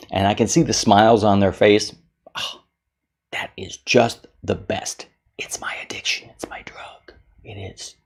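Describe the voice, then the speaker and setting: A keynote speaker and magician gives an energetic motivational talk straight to camera, acting out moods in little put-on voices. His voice is on the low side.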